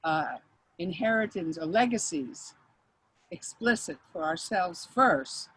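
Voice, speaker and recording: An older woman with a fairly low voice talks through a conversational interview as a mediator guest. She tells personal stories in a reflective way and laughs often. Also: expressive, takes it slowly, a bit bright, breathy edge, rough recording.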